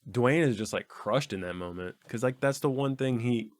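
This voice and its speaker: A man's voice: mid-range voice, moderate pace. A man co-hosting a movie podcast, casually retelling funny scenes and laughing often. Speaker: podcast co-host. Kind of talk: casual movie review chat.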